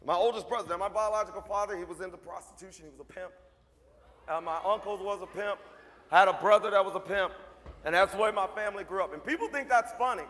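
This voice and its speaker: A man's voice: high voice, fast talker, fairly bright tone. A man giving a motivational speech to a school assembly as a mentor, telling stories emphatically and repeating lines for effect. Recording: long hall reverb.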